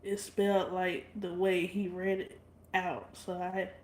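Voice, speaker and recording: A woman's voice: lowish voice, flat delivery, a little slow, roomy sound, background noise. A woman chatting casually and bluntly with her livestream viewers, swearing freely and laughing often. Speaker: livestream vlogger.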